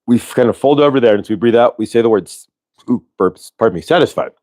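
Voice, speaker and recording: A man hosting a show, talking listeners through a breathing exercise in a relaxed, rambling way, with lots of fillers and audible sighs. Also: mid-range voice, fast. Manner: sighs audibly between instructions. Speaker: host leading a breathing exercise. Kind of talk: casual spoken guidance.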